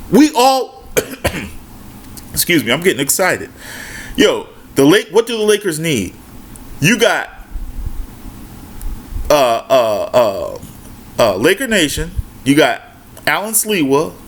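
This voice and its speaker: A man hosting his own basketball YouTube channel, giving a casual, emphatic opinion rant full of "right?" and "man" and some swearing. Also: on the high side.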